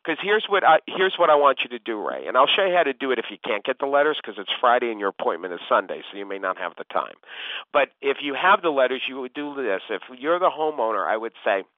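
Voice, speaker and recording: Quick and sing-song, a medium-pitched male voice comes through a dry, tinny phone connection. He's in the role of a real estate coach, coaching someone on a call and calling them by name often.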